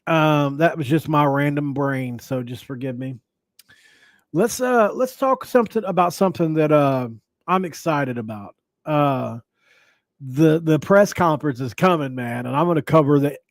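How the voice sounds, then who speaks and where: A man's voice: a little high, measured pace, no room sound. Rambling male sports podcast host. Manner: rambling, restarts, jokey asides. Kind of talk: casual sports podcast commentary.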